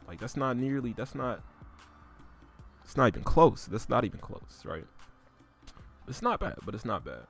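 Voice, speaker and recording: A man in a casual, unscripted rant, full of slang and swearing. He talks at a mid pitch that spikes higher and louder whenever he gets riled up. Faint music sits in the background. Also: very animated, moderate pace, pauses often, slightly rough. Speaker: host reviewing rap lyrics.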